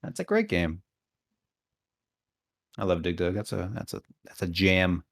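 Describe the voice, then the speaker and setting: With a low, gravelly voice and big swings in pitch, this young podcast co-host talks unhurriedly. The conversation is a casual, laid-back chat, with the occasional offhand swear.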